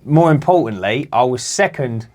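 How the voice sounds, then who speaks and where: Man, podcast co-host, animated sweary storyteller. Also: mid-range voice, normal speed. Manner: animated, swearing, acts out other people's voices. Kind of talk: casual storytelling.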